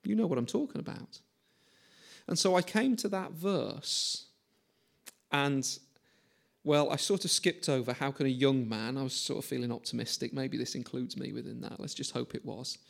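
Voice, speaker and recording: A man's voice: mid-range voice, moderate pace, creaky. A man in his forties preaching a conversational sermon, chatty and self-mocking, often asking the listeners questions.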